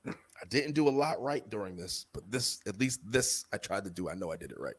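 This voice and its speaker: A young man with a lowish voice talks briskly while co-hosting a podcast. He tells a story in loose, profane banter, animatedly acting out the people he quotes.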